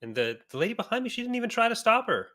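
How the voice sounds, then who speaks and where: A man's voice: very high voice, sing-song, very fast, sharp tone. A man from Canada co-hosting a podcast, telling a laid-back anecdote in casual chat. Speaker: podcast co-host.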